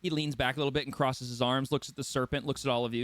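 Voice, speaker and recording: A man's voice: medium pitch, fairly even intonation, a bit bright. Brief: male first-time DM, chatty and loose, easy mid voice. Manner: casual, rambling, quick to laugh. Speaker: game master. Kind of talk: narrating a tabletop game.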